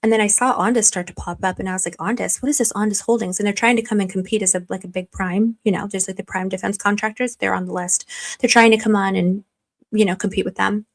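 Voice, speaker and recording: A young adult woman hosting her own channel, chatting casually and excitedly to viewers in a rambling way, with frequent apologies and asides. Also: medium pitch, fast, no echo. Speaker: channel host. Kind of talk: casual livestream chat to viewers.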